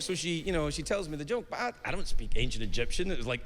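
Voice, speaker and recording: A man's voice: fairly high pitch, expressive, moderate pace, pauses often, fairly bright tone, slight background noise. A middle-aged man doing a stand-up comedy routine on stage, a rambling storyteller who keeps sidetracking himself and slips into silly voices. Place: stage before an audience. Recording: live stage sound with long reverb.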